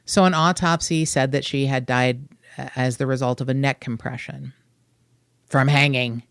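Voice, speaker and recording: A woman from Kentucky with a Kentucky accent, hosting a true-crime podcast in a sarcastic, animated, blunt way. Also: very deep voice, moderate pace, vocal fry, no room sound, clean studio sound. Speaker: podcast host.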